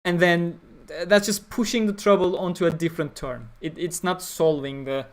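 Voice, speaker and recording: In a slightly high voice with fairly even intonation and normal speed, a man from Turkey hangs out on a livestream, reading chat and replying bluntly. He's opinionated and reasons aloud with fillers.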